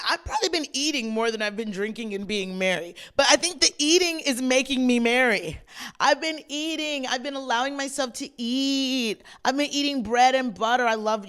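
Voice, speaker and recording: A woman's voice: fairly high pitch, moderate pace, a bit bright, clean tone. A young adult woman hosting her own podcast, chatting casually and playfully straight to her listeners. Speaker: podcast host. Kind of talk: casual solo podcast chat.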